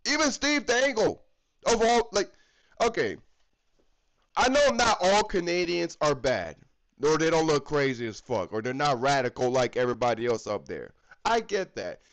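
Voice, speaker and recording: A man's voice: a little high, low-quality recording. A man from the United States giving a heated, profane hockey fan rant that is full of swearing and repetition. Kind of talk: profane ranting commentary.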